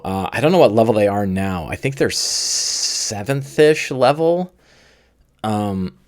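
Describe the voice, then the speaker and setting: Man, slightly hoarse, lowish voice, rambling with fillers, live game-prep host. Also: a little mellow. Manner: rambling, with many fillers and pauses. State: slightly losing his voice. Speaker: game master and channel host.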